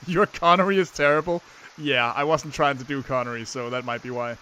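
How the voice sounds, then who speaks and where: A young man casually commenting while playing a game, sarcastic and quick to swear. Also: mid-range voice, lively intonation, bright, forceful tone, a little hiss or hum, poor audio. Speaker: let's play gamer.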